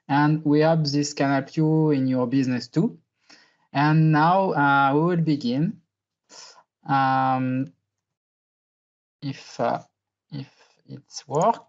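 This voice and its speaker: A man from France giving an online conference talk, hesitant and full of fillers. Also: fairly high pitch. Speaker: conference presenter. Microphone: video call. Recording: slightly muffled online call.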